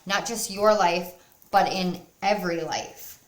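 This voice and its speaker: A woman giving a spiritual pick-a-card tarot reading to her viewers, earnest and encouraging, at times bursting with excitement. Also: fairly low pitch, a little slow, a little hiss or hum. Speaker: tarot reader.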